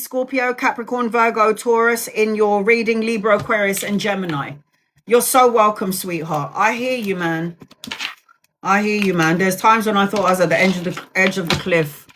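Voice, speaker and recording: A woman's voice: medium pitch, fairly bright tone, a little hiss or hum. Affectionate woman in her forties reading tarot. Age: 40s. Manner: soothing, affectionate, direct. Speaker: tarot reader. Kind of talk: live-stream tarot reading.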